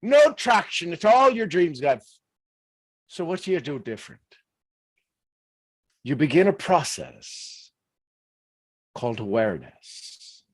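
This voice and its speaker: A man's voice: mid-range voice, no room sound. A man putting on an Irish accent to play a cheeky Irishman who spins folksy motivational yarns. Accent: Irish, put on. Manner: folksy, teasing, full of colloquialisms. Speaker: host.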